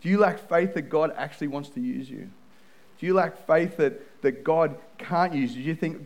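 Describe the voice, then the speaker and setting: A man preaches from the pulpit in an earnest, personal tone. His voice sits a little high for a man, and he trips into quick repeated restarts as he tells his story. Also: poor audio. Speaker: pastor. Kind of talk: sermon.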